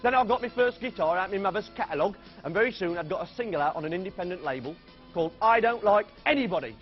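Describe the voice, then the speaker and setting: A man's voice: sits high, animated, quick pace, faint music behind. A man playing Wally, a boastful, hopeless young wannabe pop star, rambling brashly in a comedy monologue. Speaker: comedy performer. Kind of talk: comic character monologue. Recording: dull 1980s TV sound.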